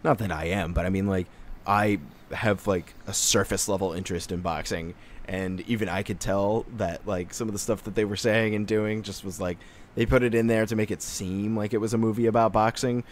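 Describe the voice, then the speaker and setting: A young man co-hosting a casual movie podcast, animated and full of fillers. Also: lowish voice, fairly quick, slight background noise. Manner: animated, filler-heavy, laughs often. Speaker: podcast co-host. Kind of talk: casual chat.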